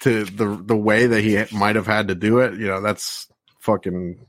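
A man's voice: lowish voice, flat delivery, normal speed, fairly bright tone. Blunt, swearing man on a podcast. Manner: blunt, heavy swearing, frequent "like" and "you know". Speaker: podcast co-host reviewing wrestling. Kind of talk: casual podcast chat.

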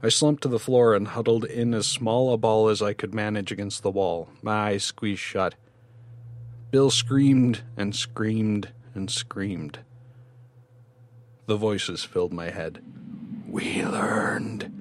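Low-voiced man narrating horror. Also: a little hiss or hum. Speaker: narrator and podcast host.

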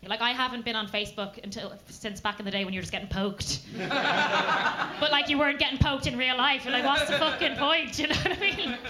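A woman's voice: sits high, a little fast, heavy background noise. A woman comedian doing crowd work on stage, teasing and laughing as she talks. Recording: live club with audience. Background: audience laughter.

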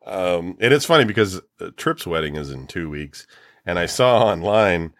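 A middle-aged man chats casually as a podcast co-host, his low voice swooping up and down as he tells stories. He laughs often and swears freely. The sound is close and dry. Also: normal speed, no echo. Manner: animated storyteller, swears, laughs a lot. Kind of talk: casual chat.

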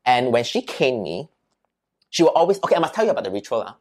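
A man with a Singaporean accent, telling stories from his childhood as a guest. He talks casually, ends his points with "right?" and mixes in Mandarin words and local particles. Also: fast. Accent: Singaporean English. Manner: chatty, tags sentences with "right?" and "okay?"; lively, swings pitch up and down while telling a story. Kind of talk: casual storytelling.

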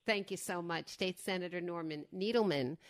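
A woman's voice: fairly low pitch, moderate pace. A woman with a Brooklyn accent hosting a talk show, chatting emphatically with her guest. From Brooklyn, New York. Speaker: radio show host. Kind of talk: casual interview chat.

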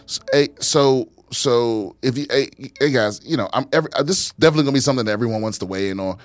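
A man's voice: medium pitch, quick pace, dry recording, soft background music. Rambling man hosting a podcast. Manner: rambling, many restarts, swearing, laughs often. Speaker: podcast host. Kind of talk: casual podcast chat.

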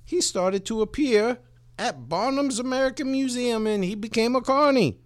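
A man's voice: extremely high pitch, normal speed. A man hosting a casual comedy podcast, telling a history story with profanity and laughter.

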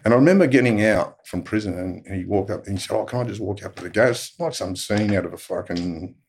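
Deep-voiced blunt Australian man. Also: fast, darkish tone, slight background noise. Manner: blunt, swears freely. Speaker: guest telling prison stories. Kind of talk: casual storytelling.

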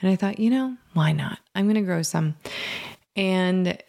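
A woman in her thirties hosting a meditation podcast, talking in a gentle, rambling, reflective way, her voice a little scratchy from allergies. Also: on the low side, animated, measured pace, vocal fry. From Michigan, USA. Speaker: podcast host. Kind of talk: casual meditation podcast intro.

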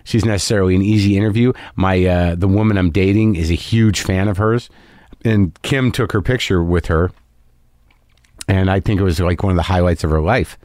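A man's voice: low-pitched, steady tone, a little fast, a little mellow, no room sound, studio quality. A man hosting a podcast in a rambling, profane, self-deprecating monologue. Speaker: podcast host.

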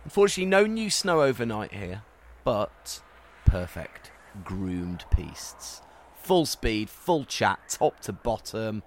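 A man's voice: fairly low pitch, sing-song, takes it slowly, few pauses, slight background noise. A man, co-hosting a podcast in a chatty, responsive way. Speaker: podcast co-host. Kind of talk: casual podcast chat. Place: podcast studio.

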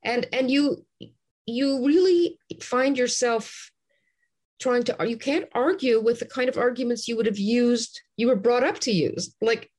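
A woman's voice: on the high side, moderate pace, a little mellow. A woman from Canada, a guest on an interview show, talking in a passionate, ranting way with many restarts. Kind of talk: animated interview talk.

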